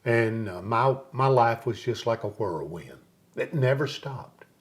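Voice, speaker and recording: Man telling lively stories in an interview. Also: mid-range voice, a little slow. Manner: lively storyteller who acts out other people's lines. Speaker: interview guest, singer. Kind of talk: storytelling in a casual interview.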